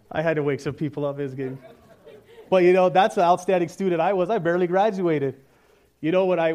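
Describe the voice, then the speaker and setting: A man gives a casual sermon to a Bible study group, telling self-deprecating stories in a voice pitched a little high. His tone is warm and mellow, and he often drops into quiet, earnest reflection.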